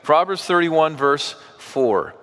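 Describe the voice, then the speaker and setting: A man's voice: a little high, animated, slow, fairly bright tone, big-room sound. A man preaching a sermon in a church, talking to the congregation in a conversational way with asides and questions. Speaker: pastor.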